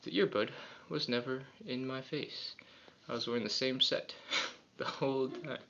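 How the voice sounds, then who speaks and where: A stretching instructor leads a live follow-along class, chatting casually, poking fun at himself, and counting each rep aloud. His medium-pitched voice is steady, moderately paced, sharp, and touched with vocal fry. He sounds distant in an echoey room, and the recording is muffled, dull, and lo-fi.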